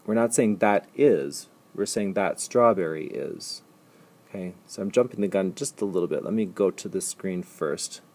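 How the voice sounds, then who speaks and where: A man gives a recorded classroom lesson in a low, slightly husky voice. He walks through each example patiently, repeating sentences slowly and carefully. His tone stays calm and instructive throughout. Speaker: language teacher. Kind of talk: recorded slide lecture.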